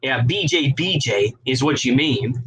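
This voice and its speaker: A man's voice: medium pitch, animated, measured pace, a bit bright, breathy edge, low-quality recording. A man video blogger in a casual, profane and heated rant, who stops to read articles aloud.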